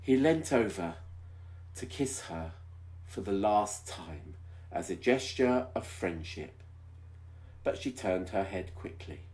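Deep, expressive, and a little mellow, this man reads slowly as a video host working through a romance story in mock-dramatic fashion. Wry, teasing sarcasm interrupts the reading.

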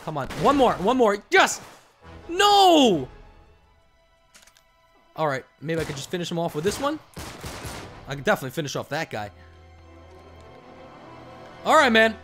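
A man giving casual let's-play commentary, excitable, with loud outbursts and cursing. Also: fairly high pitch, brisk, pauses often, faint music behind. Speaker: gaming commentator.

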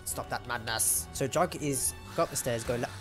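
A man's voice: mid-range voice, moderate pace, over music. A young man giving casual, self-mocking gameplay commentary and chatting to the enemies. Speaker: gamer.

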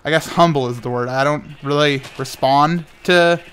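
The young host of a gaming channel, sounding tired, talks loosely as he builds in Minecraft, with many stammered restarts and playful noises. He speaks at normal speed in a fairly high, fairly bright voice that is clear and resonant.

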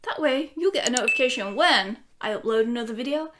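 A woman chatting excitedly at home as she unboxes a record for her vlog, gushing and talking to her dog. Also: fairly high pitch, quick pace, very noisy. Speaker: vinyl collecting YouTuber.

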